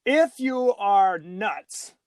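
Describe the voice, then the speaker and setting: A man co-hosting a casual movie podcast, rambling and joking with plenty of restarts. His pitch moves around a lot. The sound is dry and close. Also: lively intonation, extremely slow, a little mellow, clean tone, no room sound. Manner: rambling, jokey, lots of restarts. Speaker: podcast co-host.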